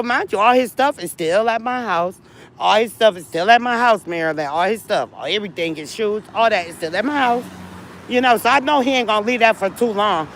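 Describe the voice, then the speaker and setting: Poor audio carries a medium-pitched woman's voice as she vlogs. Upset and worn down, she shares a long personal story with her viewers in a casual venting manner, circling back to the same points and speaking to them directly.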